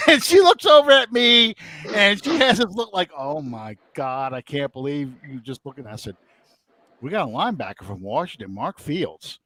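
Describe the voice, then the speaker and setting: A man's voice: on the high side, normal speed, dry recording. A middle-aged man, hosting a podcast and telling a story in casual chat, acting out the quotes he tells. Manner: animated, acts out quotes. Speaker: podcast host.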